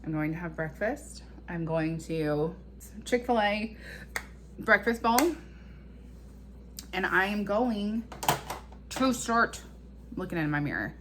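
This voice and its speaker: Woman, confessional vlog, rambling, emotional self-talk, medium pitch, faint background hiss. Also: animated, slow, pauses often, a bit bright. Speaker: vlogger and mother.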